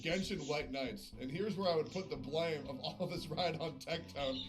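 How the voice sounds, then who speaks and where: A man's voice: on the high side, moderate pace, hardly any pauses. Cussing, sarcastic male game streamer. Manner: profane, sarcastic and passive-aggressive. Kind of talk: casual live-stream chat.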